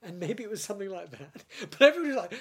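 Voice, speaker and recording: An older British man, a former script editor, telling stories in a casual interview with lively laughs and frequent restarts. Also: high voice, very fast, a crowd in the background. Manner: animated storyteller, laughs often, many restarts.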